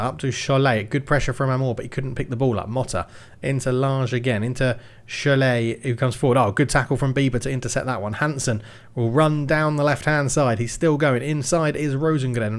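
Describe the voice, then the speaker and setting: A young man giving lively commentary on his football management game, shouting when goals go in. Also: mid-range voice, moderate pace. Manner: excitable play-by-play, shouts at goals. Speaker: gaming YouTuber.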